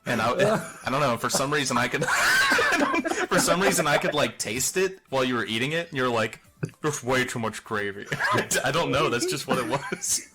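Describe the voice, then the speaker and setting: A man's voice: medium pitch, huge pitch swings, normal speed, few pauses, heavy background noise. A young man streaming, telling rambling crude stories to his chat, laughing often and trailing off. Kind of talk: rambling casual storytelling to a live chat.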